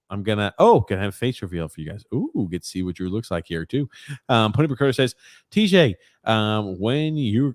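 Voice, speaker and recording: Rambling man, low voice, dry sound. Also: no echo. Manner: rambling, lots of fillers. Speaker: podcast co-host. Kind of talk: casual chat, reading live comments.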